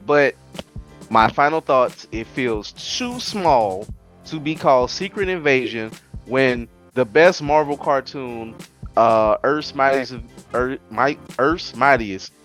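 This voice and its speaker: A man with a New Orleans accent chatting as a guest on a casual podcast, animated and quick with asides. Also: mid-range voice, faint music behind. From Louisiana. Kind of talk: casual chat.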